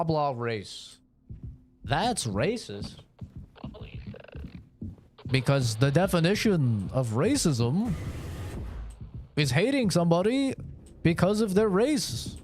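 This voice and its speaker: A man streaming a horror game, rambling with animated, profane commentary. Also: high-pitched, slight background noise. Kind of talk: live gameplay commentary.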